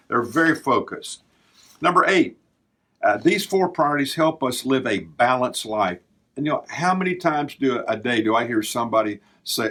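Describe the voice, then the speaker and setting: A man's voice: mid-range voice, expressive, normal speed, a bit bright. An older man hosting a devotional podcast, talking in an earnest, preacherly way as he works through a numbered list. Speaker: podcast host.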